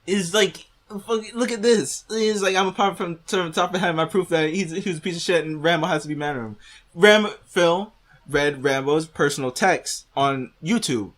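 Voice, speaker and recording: A man's voice: on the high side, normal speed, a bit bright. A man hosting a reaction video, ranting with heavy profanity and arguing back at the clip he is watching.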